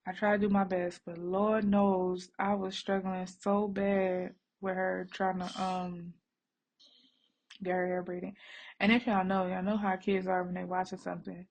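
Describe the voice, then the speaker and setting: A woman's voice: on the low side, little pitch movement, unhurried, a little mellow. A woman vlogging at home while she braids her daughter's hair, chatting to viewers in a rambling, easygoing way and calling them y'all. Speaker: vlogger and mother. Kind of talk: casual chat to viewers. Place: home, working on a bed.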